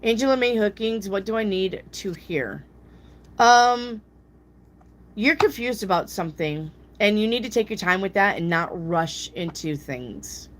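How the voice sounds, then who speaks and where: A woman giving casual live tarot readings, answering viewer questions bluntly, swearing freely and mimicking people in a high voice. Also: lively intonation, a little slow, a little hiss or hum.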